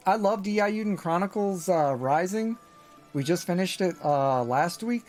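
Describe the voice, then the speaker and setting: Chatty male streamer, slightly high voice. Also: measured pace, soft background music. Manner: relaxed, chatty, frequent fillers. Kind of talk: casual live gaming chat.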